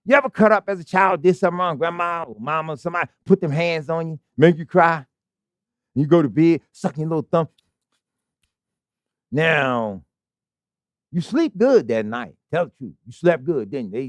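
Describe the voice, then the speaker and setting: A male preacher delivers a sermon full of rhetorical questions and call-and-response. His voice sits fairly high and moves through a wide, animated range. The recording is dry and close, with almost no room echo. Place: congregation hall.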